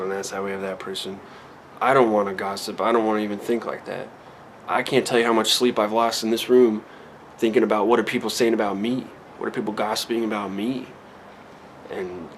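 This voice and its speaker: A man's voice: on the low side, slight background noise. A man in his thirties talking candidly in a personal vlog at home, reflective and rambling, with many restarts and fillers. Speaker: vlogger. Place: a room at home.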